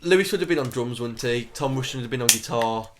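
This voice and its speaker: A man's voice: mid-range voice, lively intonation, fast, a crowd in the background. A man, hosting a podcast and telling a rambling, swear-laden anecdote with frequent laughter. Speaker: podcast host. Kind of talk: casual chat.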